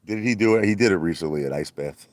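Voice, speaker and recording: A man chatting casually on a livestream, rambling and boastful, sometimes laughing and putting on a mock falsetto. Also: fast talker, no room sound. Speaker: livestream host. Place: outdoor hot tub at night.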